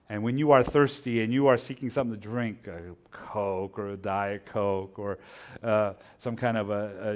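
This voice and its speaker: A middle-aged man preaching a sermon as a pastor, telling stories that swing from hushed asides to loud, animated bursts. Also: fairly low pitch.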